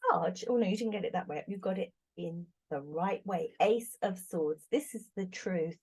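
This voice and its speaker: Chatty British woman, fairly low voice. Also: moderate pace, dark tone, slightly rough. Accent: British English. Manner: chatty, giggly, exclamatory. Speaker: tarot reader, channel host. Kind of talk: casual chat.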